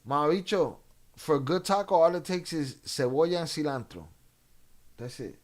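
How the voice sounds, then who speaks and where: A man's voice: on the high side, expressive, moderate pace. Profane casual streamer, a man. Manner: loose, profane, mixes in Spanish slang. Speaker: streamer reacting and reading chat. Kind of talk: casual live-stream chat.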